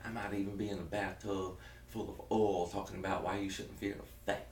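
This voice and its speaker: A man in his thirties from South Georgia, with a Southern accent and a low, level voice, rambles jokily and briskly in a casual keto vlog. He keeps interrupting himself, and the audio is reverberant and distant from the mic.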